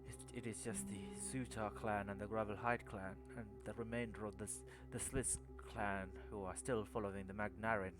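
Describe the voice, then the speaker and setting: A man voicing a defeated male clan leader who speaks in a trembling, sobbing, halting voice. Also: fairly low pitch, flat delivery, over music, close to an everyday voice.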